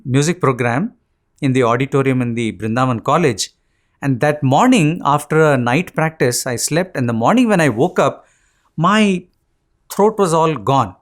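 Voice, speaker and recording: A middle-aged man with an Indian English accent shares devotional memories in a talk. His voice sits slightly high, and his earnest storytelling is full of fillers and pauses. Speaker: satsang speaker.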